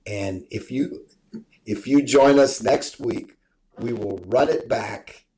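A man's voice: medium pitch, slow pace, dark tone. A man hosting a sports show over a remote call, talking casually and emphatically, often tagging "right?" onto his points. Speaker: show host. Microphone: remote call mic.

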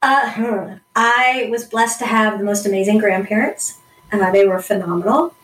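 A woman's voice: medium pitch, moderate pace, fairly bright tone. Upbeat woman guest in a roomy, distant sound. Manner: upbeat, confident, laughs easily. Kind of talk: interview conversation.

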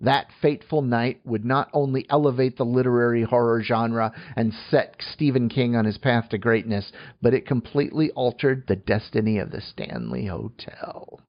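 A man co-hosting a casual podcast chat, halting through many fillers and tossing in joking asides. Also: mid-range voice, highs cut off. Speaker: podcast co-host.

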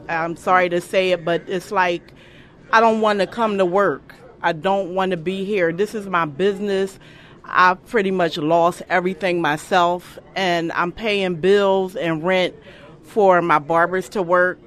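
A woman's voice: on the low side, fairly even intonation, a little slow, a bit bright. A middle-aged woman, a barbershop owner speaking bluntly and from the heart in a news interview.

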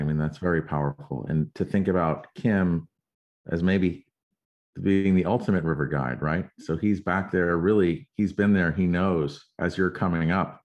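A male interviewer with a very low voice reflects warmly on his guest's story and affirms it. The recording sounds muffled and lo-fi. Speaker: interviewer, host. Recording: dull lo-fi sound.

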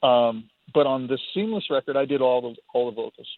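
A man's voice: mid-range voice, lively intonation, brisk, dry recording. A man talking casually as a guest in a phone interview, rambling and self-deprecating, often repeating his words. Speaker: guitarist guest. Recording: tinny phone line, husky.

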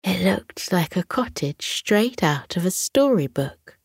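A British woman narrating a children's bedtime story in a soft, soothing manner. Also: on the low side, expressive, slow, breathy edge, no echo, studio quality.

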